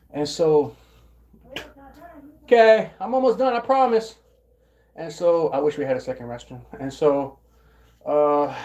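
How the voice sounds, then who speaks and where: A man's voice: on the high side, warm tone. Rambling man telling a work story. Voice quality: occasional throat clearing and coughing. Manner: rambling, repeats words and restarts, mimics coworkers in quotes. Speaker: vlogger. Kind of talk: casual storytelling monologue.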